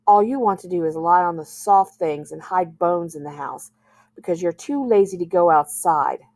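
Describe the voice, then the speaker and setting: A woman's voice: lowish voice, normal speed, darkish tone, no room sound, close to an everyday voice. A woman reading aloud voices a moody, self-pitying teenage girl who pleads and wails melodramatically. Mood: scolding.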